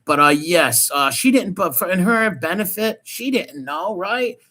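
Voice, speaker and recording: A man hosting a stream, ranting in crude, mocking casual commentary with loud outbursts. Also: high voice, expressive, a little slow. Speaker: stream host.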